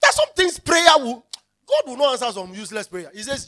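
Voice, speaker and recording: A man's voice: very high voice, huge pitch swings, a little fast, pushed and bright. A male pastor preaching a sermon, emphatic and repeating his key phrases as he calls out to the congregation.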